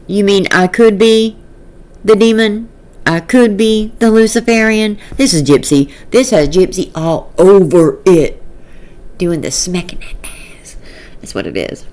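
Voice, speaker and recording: A woman's voice: medium pitch, unhurried, darkish tone. A woman commenting on online drama in a casual vlog, sarcastic and exasperated, often laughing.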